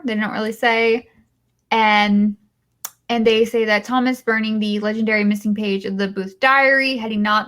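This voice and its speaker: A woman's voice: on the high side, fairly bright tone. A woman hosting a podcast, recapping a film in a casual, rambling and sarcastic way with many filler sounds. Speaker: podcast host.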